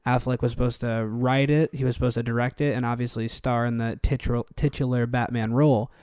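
Animated, rambling male podcast co-host. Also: medium pitch, a little fast, smooth, no room sound, studio quality. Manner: animated, rambling, laughs often. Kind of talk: casual chat.

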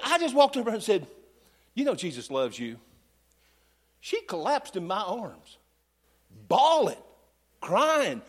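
A pastor in middle age, his voice sitting high for a man as he preaches. He tells homespun, joking stories from the pulpit in a folksy, down-home way. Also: fairly bright tone. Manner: folksy, humorous storytelling preacher. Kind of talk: sermon.

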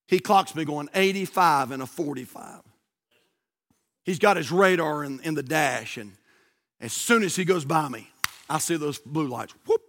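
A man, a pastor telling a folksy, animated story in a sermon. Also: a little high, moderate pace.

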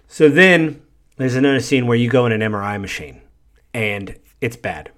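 Male podcast host, mid-pitched voice, rambling casual recap of a game plot. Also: animated, normal speed, a bit bright. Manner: meandering, conversational recounting. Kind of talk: casual retelling of a video game story.

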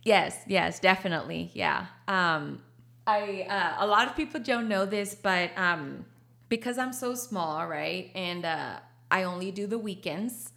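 A woman's voice: on the low side, unhurried, gravelly, pushed and bright. A woman, a coffee shop owner talking casually in an interview, laughing often and slipping into Spanish. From Texas.

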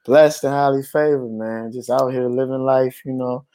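A man's voice: medium pitch, steady tone, normal speed, warm tone, clean tone. A man from Georgia, a guest on a show, telling a story in a laid-back, joking, slangy way. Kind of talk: casual storytelling.

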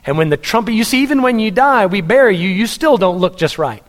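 A man's voice: sits high, animated, brisk. A pastor preaching a sermon in a church hall, earnest and humorous, speaking straight to his congregation. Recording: long church hall reverb.

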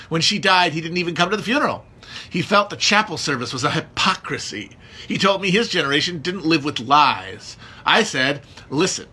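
A man performing a monologue as an embittered aging male hospital doctor, ranting bitterly and building to shouts. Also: on the high side, breathy edge, exaggerated voice.

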